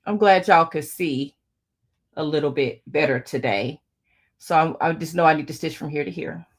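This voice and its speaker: A woman's voice: low voice, normal speed, slightly rough. A middle-aged woman hosting a casual live quilting tutorial, chatting with her viewers as she sews. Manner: chatty, talks to viewers while working. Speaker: quilting channel host.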